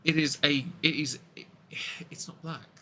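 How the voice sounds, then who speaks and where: A man's voice: on the high side, fairly even intonation, moderate pace, bright, forceful tone, slight background noise. A man co-hosting a casual political commentary show, blunt and opinionated, often restarting his sentences. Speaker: podcast co-host.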